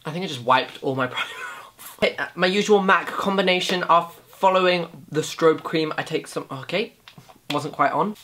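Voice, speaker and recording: A man's voice: a little high, normal speed, pushed and bright, slight background noise. A young man in his bedroom, chatting casually and sarcastically while doing his makeup on camera, with a lot of self-mocking humour. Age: young adult. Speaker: beauty YouTuber. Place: home bedroom.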